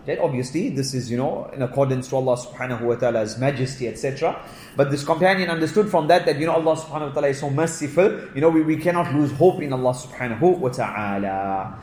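A man's voice: mid-range voice, fast, darkish tone. A man giving a religious lesson. He explains by repeating himself, uses fillers like "you know" and "et cetera", and reads short Arabic quotes before translating them. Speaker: religious teacher. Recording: roomy recording with faint background noise.

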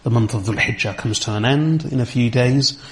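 A man giving a religious lecture, explaining slowly and step by step, repeating key terms and reciting Arabic verses fluently. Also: medium pitch. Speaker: Islamic teacher.

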